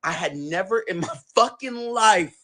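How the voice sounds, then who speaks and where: A man telling a personal story in an expressive, profane, dramatic way. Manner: expressive, profane, dramatic, quick swings of pitch. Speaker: storyteller, show guest.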